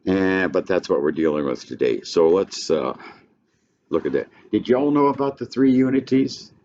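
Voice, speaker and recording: An older man lecturing a class on a play in a folksy, halting way, with frequent restarts. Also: sits low, animated, darkish tone. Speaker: literature teacher. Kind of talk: classroom lecture with read-aloud passages. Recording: dull lo-fi classroom recording with faint noise.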